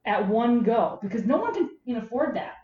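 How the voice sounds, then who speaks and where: A woman's voice: on the high side, sing-song, moderate pace, mellow. A woman co-hosting a casual podcast chat, blunt and emphatic, swearing freely. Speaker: podcast co-host. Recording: roomy, dull lo-fi audio with faint noise.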